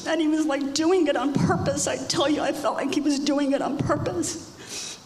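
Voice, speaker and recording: At a moderate pace and in a high voice, a middle-aged woman gives an emotional personal testimony at church, emphatic and repeating phrases. The church hall is echoey, with faint background noise.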